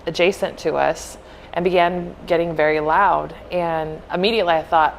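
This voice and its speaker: A woman co-hosting a podcast, telling a heartfelt story in an earnest, casual way and softly acting out what people said. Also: on the low side, steady tone, normal speed, creaky, slight background noise, rough recording. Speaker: podcast co-host.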